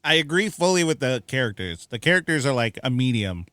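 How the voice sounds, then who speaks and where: A man's voice: medium pitch, fairly quick, dry recording, studio quality. Chatty man reviewing a film. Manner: animated, chatty, lots of fillers. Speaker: podcast co-host. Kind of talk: casual film review chat.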